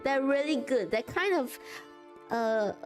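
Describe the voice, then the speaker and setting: A woman's voice: high voice, expressive, slow pace, soft background music. A woman chatting casually on a live stream, rambling and laughing often.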